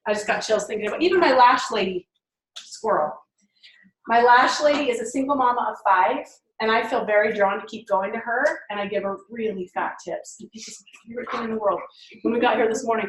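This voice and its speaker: A woman's voice: on the high side, brisk, roomy sound, rough recording. A woman giving a team mindset training talk, enthusiastic and chatty, laughing often.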